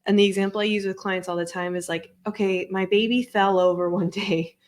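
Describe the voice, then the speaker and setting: Woman therapist on a podcast, chatty and animated, mid-pitched voice, walks through examples. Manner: animated, explains with examples, quick laughs. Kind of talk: casual chat.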